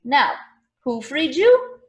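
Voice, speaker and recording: A woman voicing a loud, eager Northern male political organizer who rallies a crowd with speeches. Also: very high voice, big pitch swings, slow, roomy sound, pitched above the performer's own voice, heavily acted. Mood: rallying. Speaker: party organizer.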